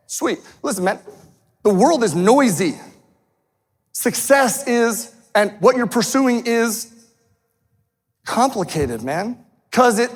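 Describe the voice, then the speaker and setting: In a large hall, a motivational speaker with an extremely high, expressive voice takes it slowly, leaving long pauses. He is fired up and intense before the live audience, swearing and repeatedly saying "man."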